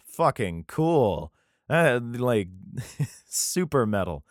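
A man's voice: on the low side, expressive, unhurried, dry recording, clean studio sound. A man casually reading scripture aloud and commenting on it in an irreverent, profane, joking way. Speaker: reader and commentator.

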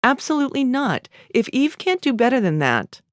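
A woman voicing a busy grown daughter who talks in a brisk, clipped way in a story reading. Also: mid-range voice, lively intonation, darkish tone, no room sound, clean studio sound, pitched above the performer's own voice. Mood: firm.

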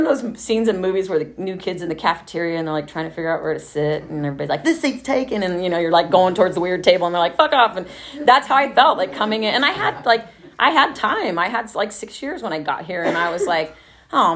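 A woman's voice: lowish voice, animated, fast talker, a bit bright. Chatty, profane woman from Texas. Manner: profane, chatty, laughs often. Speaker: recovering alcoholic sharing her story. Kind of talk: casual personal storytelling.

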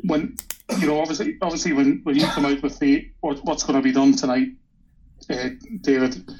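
A man's voice: mid-range voice, little pitch movement, moderate pace, darkish tone. A man from Edinburgh, chatting hesitantly on a podcast with many fillers. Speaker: podcast co-host. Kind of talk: casual podcast chat. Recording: slightly dull sound.

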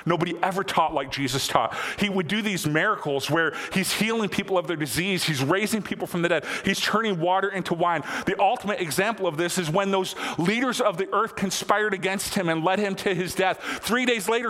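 Here a thirty-something pastor with a high-sitting voice gives a sermon in church. Speaking conversationally, he leans on repetition and climbs toward excited highs, all ringing in a long hall reverb.

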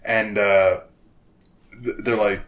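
A man with a fairly low voice talks in a relaxed, rambling way. He chats casually about tabletop characters and laughs easily. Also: slow. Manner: laid-back, laughing, slips into silly character voices. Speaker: tabletop gamer. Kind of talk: casual chat.

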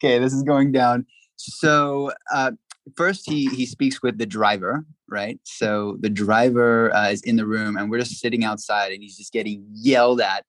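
A man guesting on a podcast, telling a story in a lively, casual way, full of "like" and acted-out quotes. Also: lowish voice, measured pace, dry recording, low-quality recording. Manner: animated, acts out quotes, frequent "like" fillers.

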